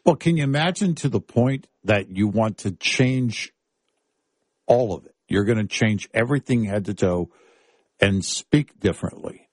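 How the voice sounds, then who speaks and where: Texas-raised host, husky, lively pitch swings, dry close mic. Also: male voice, a little slow, dry recording. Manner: lively, exclaiming, joking. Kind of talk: casual chat.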